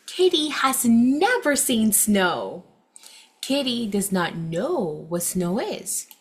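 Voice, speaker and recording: A young woman teacher reading a picture book aloud to children and leading a phonics lesson, with exaggerated, expressive delivery. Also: fairly high pitch. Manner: animated, exaggerated expression with gasps, slow clear delivery.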